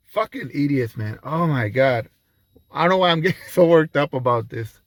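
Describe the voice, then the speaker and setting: A man's voice: on the high side, lively intonation, normal speed, no room sound. A man giving an angry, profane reaction commentary, ranting heatedly.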